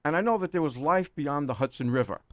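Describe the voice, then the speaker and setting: A talkative man in his sixties with a New York accent, racing through his stories at a quick clip. He rambles, laughs often and trips over repeated words. The sound is dry and close, with no room around it. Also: a little high, expressive, fairly bright tone, no echo. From New York City. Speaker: guest. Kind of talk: casual chat.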